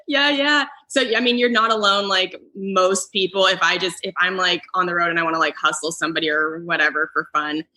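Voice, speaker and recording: A woman's voice: lowish voice, a little fast, few pauses, pushed and bright. A young adult woman, a comedian and guest, chatting casually on a podcast and filling her sentences with "like". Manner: chatty, lots of "like" fillers. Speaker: comedian and foosball player guest.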